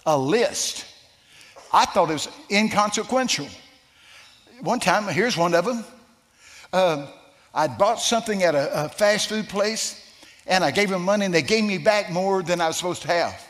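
A man preaching a sermon, telling a personal story in a folksy, animated way with some stammering. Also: high voice, normal speed, long pauses. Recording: long reverb of a large hall.

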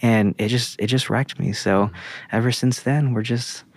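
A man's voice: mid-range voice, steady tone, a little slow, a little mellow. A man, a guest prophet, telling his testimony in an interview with earnest storytelling. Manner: earnest storytelling with quoted dialogue.

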